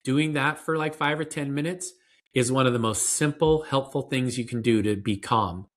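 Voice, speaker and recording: A man's voice: mid-range voice, normal speed, fairly bright tone. A man being interviewed as a parenting expert, explaining in an earnest, conversational way with fillers and restarts.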